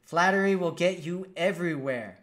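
A man's voice: high-pitched, normal speed, fairly bright tone. A man hosting a live stream as a dating coach, reading out viewer comments in a casual, upbeat, chatty way.

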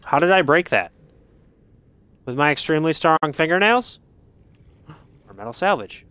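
A jumpy, joking man talks his way through a video game in a bright, high-leaning voice. His pitch leaps around as he mutters under his breath and then yelps in surprise. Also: moderate pace, clear, resonant tone. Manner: excitable, jokey, swings from muttering to yelps. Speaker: gaming streamer. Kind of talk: let's play commentary.

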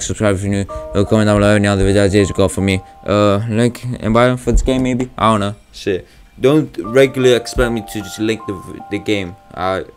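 A man playing a horror game on his channel, talking in casual slang, swearing a lot and getting loud and panicky at the scares. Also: lowish voice. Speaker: gaming YouTuber. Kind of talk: horror game let's play.

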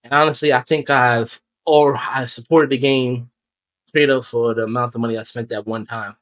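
Young dude rambling thru a game review, loose and chatty, medium voice. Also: male voice, medium pitch, steady tone, normal speed, a bit bright. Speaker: gaming YouTuber.

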